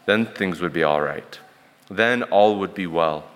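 A man's voice: low-pitched, normal speed, a bit bright, big-room sound. A man preaching a sermon in an earnest, emphatic way, building points through rhetorical repetition.

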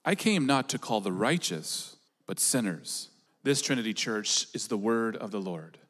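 A man reading scripture aloud in a measured, formal liturgical way. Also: fairly low pitch, big pitch swings, a bit bright. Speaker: scripture reader. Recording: distant voice in echoing hall.

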